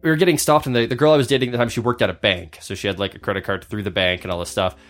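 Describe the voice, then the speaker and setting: Over soft background music, a man with a fairly low voice races through stories as a podcast co-host. He's an animated storyteller in casual conversation, acting out the voices of the people he quotes.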